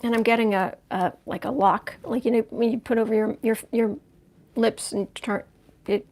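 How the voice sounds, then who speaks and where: Woman tarot reader, higher register, livestream host, talks her thoughts through card by card. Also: steady tone, normal speed, a little mellow, slight background noise. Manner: thinks aloud while turning cards, conversational.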